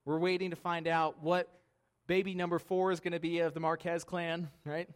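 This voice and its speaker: A man in his thirties preaching a conversational sermon in a church, lively and laughing, often asking the congregation "right?". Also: on the high side, moderate pace, smooth. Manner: conversational, animated, laughing, many tag questions. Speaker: pastor. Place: church sanctuary.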